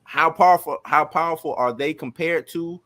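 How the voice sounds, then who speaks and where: A man co-hosting a casual show review, talking in a relaxed, conversational way. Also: a little high, normal speed. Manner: relaxed, conversational, "you know what I'm saying". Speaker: podcast co-host. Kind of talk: casual chat.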